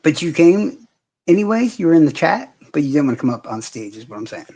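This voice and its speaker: A man's voice: fairly high pitch, big pitch swings, fast, dark tone. A man hosting a casual livestream, ranting in heavy profanity and answering viewers' comments directly. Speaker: livestream host.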